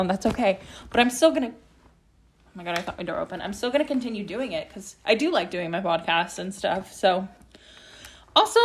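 Young female podcast host, casual solo chat from home; loose, rambling, profane, everyday pitch. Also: animated, brisk, slight background noise. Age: young adult. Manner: rambling and chatty, heavy use of "like" and swearing.

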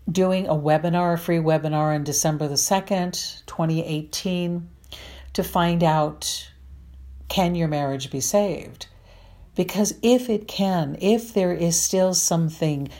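A woman's voice: on the low side, a little mellow. A middle-aged woman marriage counselor giving earnest, repetitive advice to listeners. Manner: earnest, repetitive, slow and deliberate.

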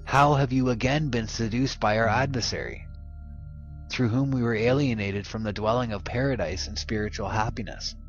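A man's voice: on the low side, animated, normal speed, close to an everyday voice. A man crying out as grieving Adam. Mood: anguished. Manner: lamenting, pleading cries. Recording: muffled podcast audio with music behind.

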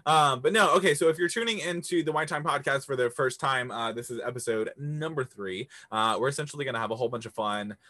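A young man hosting a casual podcast from a bar, energetic, using lots of fillers and laughing often. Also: medium pitch, quick pace, few pauses. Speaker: podcast host. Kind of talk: casual chat. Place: bar he owns.

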